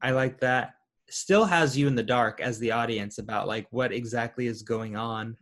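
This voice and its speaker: A man's voice: medium pitch, normal speed, fairly bright tone. A man co-hosting a casual film review chat, laid-back with dry quips. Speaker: podcast co-host.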